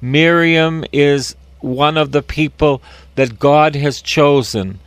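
A man's voice: on the high side, slow, smooth, dry recording. An older man, a priest, giving a folksy, emphatic Bible teaching and repeating key phrases.

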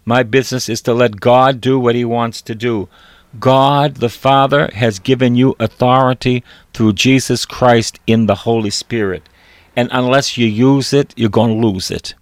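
A man's voice: mid-range voice, fairly even intonation, normal speed, no room sound. Man preaching a sermon, dry sound. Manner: repeats phrases for emphasis, reads scripture aloud.

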